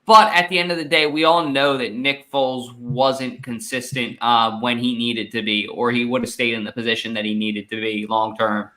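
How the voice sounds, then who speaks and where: A man co-hosting a casual sports podcast, upbeat and joking with quick asides over a video call. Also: medium pitch, steady tone, sharp tone. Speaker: podcast co-host.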